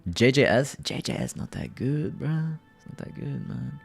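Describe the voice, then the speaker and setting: Male streamer, casual chat, slangy and repetitive, lively pitch, faint music behind. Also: normal speed, creaky, slightly rough. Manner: loose slangy banter, repeating phrases. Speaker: livestream host.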